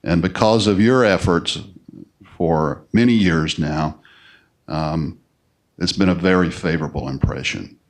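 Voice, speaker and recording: A man presenting service awards at a city council meeting, speaking unhurriedly with frequent fillers. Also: sits low. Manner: unhurried, halting with many fillers. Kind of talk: formal ceremony remarks with casual asides. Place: council chamber.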